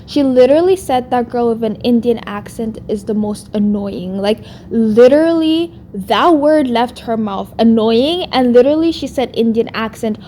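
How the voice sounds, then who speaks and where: A woman with a non-American English accent rants into the camera for her vlog. Her voice sits a little high, and she sounds exasperated, with "like" woven through nearly every sentence. A faint hiss runs under the recording. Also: normal speed, hardly any pauses, mellow. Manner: exasperated, heavy use of "like". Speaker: YouTuber responding to another creator. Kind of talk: vlog rant.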